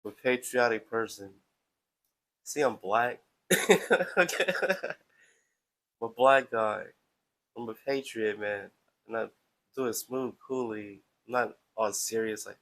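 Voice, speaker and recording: A man's voice: lowish voice, takes it slowly, long pauses, fairly bright tone, poor audio. A man hosting a live stream, talking casually in a playful, chatty, self-promoting way.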